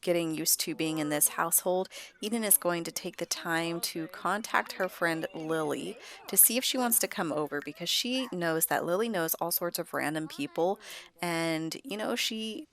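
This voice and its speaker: A woman with a low, fairly bright voice narrates a life-sim game in a casual let's-play style. She's chatty, tossing amused asides to the characters on screen as the gameplay narrator.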